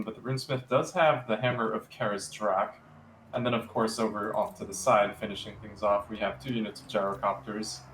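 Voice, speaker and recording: A man co-casting a strategy game match, talking through unit builds in a flat, monotone way. His voice sits on the low side and echoes around the room. A faint noise hums underneath. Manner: monotone, even delivery. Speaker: co-caster. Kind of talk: esports game commentary.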